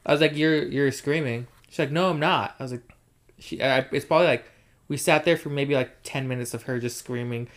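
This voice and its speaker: A man's voice: medium pitch, fast. A man in a casual chat, teasing the others and telling stories. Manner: teasing, animated storyteller.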